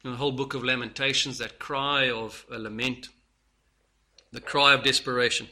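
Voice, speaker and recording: A man preaching a sermon, earnest, moving between loud stresses and hushed lines. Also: mid-range voice, fairly even intonation, normal speed.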